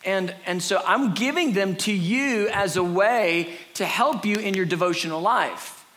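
A middle-aged man preaching a sermon on a church stage, animated and earnest, acting out little scenes for his listeners. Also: unhurried. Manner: animated, acts out a frantic crowd in a high put-on voice. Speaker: pastor. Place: church stage before a congregation.

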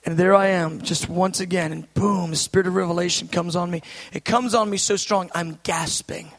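A man in his thirties preaching a sermon with fervor, swinging between shouting and hushed asides. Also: sits high, steady tone, moderate pace.

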